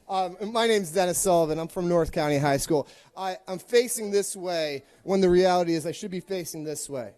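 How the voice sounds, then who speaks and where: A man's voice: high-pitched, moderate pace, darkish tone, smooth, no echo. A male teacher giving a fiery, confrontational public comment with wry humor.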